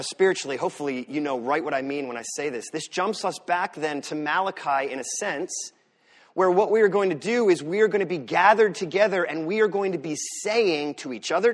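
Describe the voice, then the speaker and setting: Guy pastor giving a sermon, kinda high voice, gets loud then goes quiet. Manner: animated preaching, rises loud for emphasis then drops soft.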